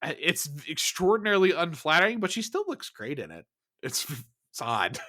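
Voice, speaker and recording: A young man co-hosting a podcast, recapping an episode in animated, laughing chat and yelling out quoted lines. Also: a little high, normal speed. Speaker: podcast co-host.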